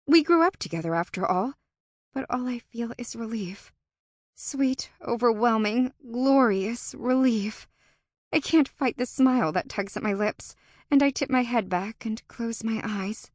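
A woman narrating a first-person fantasy audiobook in an expressive, tense and dramatic manner. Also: on the high side, a little slow, dry recording, studio quality.

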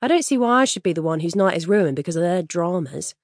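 A woman reading as a frank, wry young woman, worn out by a night out, telling it straight. Her voice sits a little low and sounds dry and close. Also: expressive, quick pace, dry recording. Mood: exasperated. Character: weary, self-deprecating young woman on a night out.

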